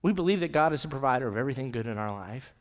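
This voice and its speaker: A man's voice: medium pitch, expressive, racing, long reverb tail. A man preaching a conversational sermon as pastor, often dropping to a near whisper for emphasis. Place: church sanctuary.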